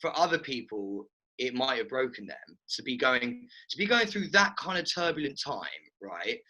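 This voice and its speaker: A man hosting a casual chat, jokey and animated, telling stories. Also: mid-range voice, normal speed, rough recording. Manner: animated, jokey, tells stories with put-on quotes. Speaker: host.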